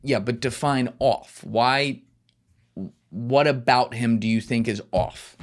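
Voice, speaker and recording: A man's voice: medium pitch, takes it slowly, lightly acted. A man retelling a blunt male fixer who brushes off his clients' worries with curses. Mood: dismissive. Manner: blunt, dismissive, profane.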